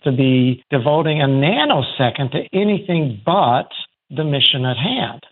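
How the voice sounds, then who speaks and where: A man's voice: mid-range voice, lively intonation, unhurried, breathy edge. A male professor in a recorded interview clip, speaking emphatically. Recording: phone line interview.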